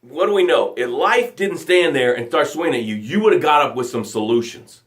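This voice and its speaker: A man hosts a live motivational show in a fairly high voice. He preaches with dramatic, energetic emphasis and chanted phrases. Now and then he slows and sinks to a near whisper to drive a point home.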